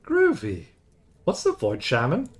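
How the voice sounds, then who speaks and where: A squeaky young woman, chipper and a bit odd, full of bouncy swings in pitch, as a male streamer puts her on. She talks in quick, whimsical bursts, with a game voice that reads as light and girlish. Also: wildly swooping pitch, exaggerated voice. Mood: eager. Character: chipper young woman, new security hire.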